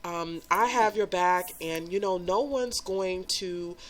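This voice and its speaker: A woman's voice: fairly low pitch, takes it slowly. A woman voicing a reassuring young thief. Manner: reassuring, earnest. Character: smooth-talking young man, protective thief.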